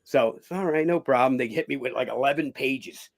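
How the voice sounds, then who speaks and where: A middle-aged man with a gravelly, creaky voice, talking as an interview guest. He rambles through his stories full of fillers, restarts and casual swearing, at a middle pitch. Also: brisk. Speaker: guest, actor and former boxer.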